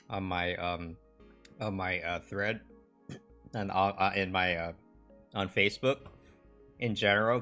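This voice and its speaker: Casual male streamer, lowish voice with a bright edge, halting and filler-heavy, faint music behind. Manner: rambling, halting, lots of fillers. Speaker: livestream host. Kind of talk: casual chat with live viewers.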